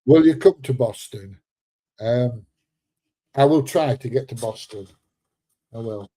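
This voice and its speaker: A man's voice: mid-range voice, measured pace, dark tone, no room sound. A man of seventy, chatting casually on a live stream, joking and laughing as he reads out viewer comments, a little congested. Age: 70s. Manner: chatty and joking, laughs often, drops into slang. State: a bit congested.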